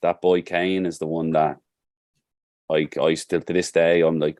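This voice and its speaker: Podcast guest: Dublin man, football coach, deep voice, heartfelt storyteller, dry close sound. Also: little pitch movement, normal speed, long pauses, darkish tone, no room sound. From Ireland. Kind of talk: casual podcast conversation.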